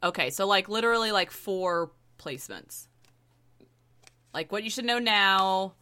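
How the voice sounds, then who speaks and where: A woman's voice: mid-range voice, measured pace, bright, forceful tone. A woman co-hosting a podcast, chatting playfully about tarot and teasing her co-host.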